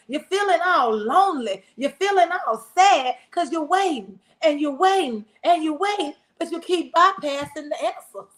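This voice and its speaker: A woman's voice: sits high, animated, measured pace, fairly bright tone. A woman pastor, preaching in a live-streamed sermon talk with call-and-response and repeated phrases. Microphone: wears hearing aids, speaking to camera.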